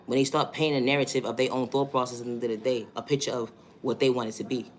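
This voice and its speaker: A man's voice: mid-range voice, flat delivery, fast, few pauses, a little hiss or hum. A man with a New York accent, talking through a monologue vlog in an emphatic, repetitive way and asking rhetorical questions.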